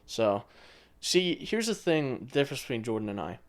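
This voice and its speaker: A young man in his twenties co-hosts a casual podcast chat. He rambles through his stories with loose, offhand swearing. His voice sits at an ordinary pitch for a man. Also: very animated, normal speed. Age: 20s. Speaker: podcast co-host.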